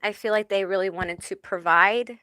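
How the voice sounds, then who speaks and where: A woman's voice: medium pitch, moderate pace, bright, forceful tone, clear, resonant tone, no room sound, clean studio sound. A woman tarot reader channeling spirit messages live, hesitant and reassuring, often checking in with "okay?".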